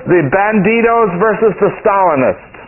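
A man preaching a sermon, emphatic, his voice rising to high exclamations. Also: animated, normal speed. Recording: tinny phone-like radio broadcast.

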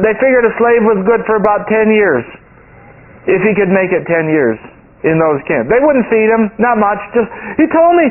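A man preaching a sermon, emphatic, his voice rising to high exclamations. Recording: tinny phone-like radio broadcast.

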